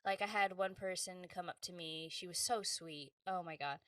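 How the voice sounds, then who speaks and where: A woman voice actress, a guest on a podcast interview, telling stories in a lively, casual way and acting out the people she quotes. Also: on the low side, normal speed, no room sound, distant mic. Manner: animated, acts out quoted voices, laughs often.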